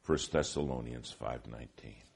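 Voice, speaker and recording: A man preaching a sermon in an auditorium, telling stories with lively swings from hushed to loud. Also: a bass voice, moderate pace, vocal fry, slightly rough. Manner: animated storytelling, shifting from hushed to loud.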